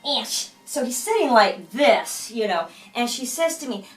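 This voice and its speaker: A woman's voice: on the high side, sing-song, unhurried, faint music behind. Older woman telling a rambling story. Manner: rambling, many fillers and restarts, acts out quoted voices. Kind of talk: casual personal storytelling. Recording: voice from far off the mic.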